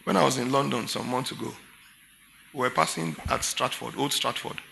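A man's voice: mid-range voice, normal speed, vocal fry, sharp tone, slight background noise. A Nigerian man preaching a sermon as pastor, emphatic and full of rhetorical questions to his congregation.

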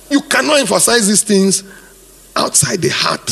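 Gravelly preacher in a reverberant hall. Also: male voice, high-pitched, huge pitch swings, moderate pace, a bit bright, slight background noise. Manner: emphatic, repeats phrases, asks the congregation to fill in words. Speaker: pastor. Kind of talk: sermon. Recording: reverberant hall, live sermon.

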